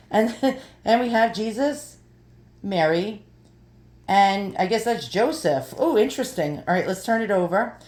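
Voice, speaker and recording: A woman in her fifties talks through a haul video in an easy, chatty way. She thinks aloud, muttering and trailing off as she squints at tiny details. Her voice sits at an ordinary pitch and rings a little in a roomy space. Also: darkish tone. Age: 50s. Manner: thinks aloud while squinting at small items. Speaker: vlogger showing an online haul.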